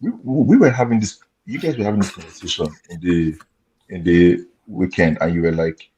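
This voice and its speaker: A man's voice: deep voice, fairly quick, a little mellow, breathy edge, poor audio. A man from Nigeria chatting casually on an online call from home at night. He hesitates with lots of fillers and restarts and keeps his voice down. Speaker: panelist. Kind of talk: casual chat.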